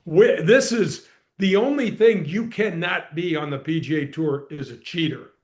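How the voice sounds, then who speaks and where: A middle-aged man tells his story on a podcast with energy and emphasis. His voice sits high for a man. He punches key words and keeps the telling moving. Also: moderate pace. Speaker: podcast guest, former pro golfer and radio host. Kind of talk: animated storytelling in conversation.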